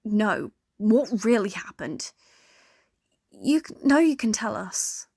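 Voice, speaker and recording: A woman's voice: medium pitch, sing-song, slow pace, darkish tone, breathy edge, dry recording, studio quality, full character voice. A woman voicing a hot-tempered, protective young woman who is blunt but tender with her partner. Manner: blunt, tender toward partner, angry at abuser.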